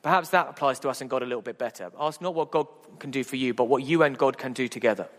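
A man preaching a sermon as pastor, lively and humorous, asking the congregation rhetorical questions. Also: medium pitch, fast. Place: church. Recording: echoey church hall.

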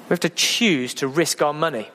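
A man preaching a sermon as pastor, lively and humorous, asking the congregation rhetorical questions. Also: fairly high pitch, normal speed, a little hiss or hum. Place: church. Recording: echoey church hall.

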